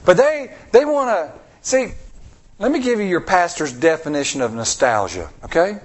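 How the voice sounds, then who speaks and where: With an expressive delivery, a male pastor throws rhetorical questions at the congregation and acts out quoted speakers' voices. He is high-pitched and talks at normal speed.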